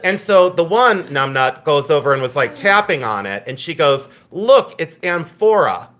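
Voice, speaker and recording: Blunt animated male live-stream seller. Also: fairly high pitch, normal speed. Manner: blunt, animated storyteller with mild swearing. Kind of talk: casual live-stream chat.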